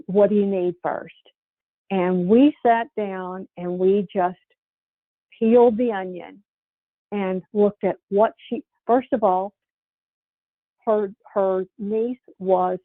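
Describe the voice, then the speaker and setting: A woman's voice: mid-range voice, no room sound. A woman giving a sales training presentation and telling a personal story, talking in an earnest, conversational way with repeats and restarts. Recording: dry, tinny phone-like sound.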